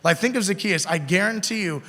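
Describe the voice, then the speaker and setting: A man's voice: high voice, a little fast, pushed and bright. A man preaching a casual sermon to a youth group, talking conversationally and asking the kids questions. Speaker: youth pastor. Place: youth room. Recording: long hall reverb.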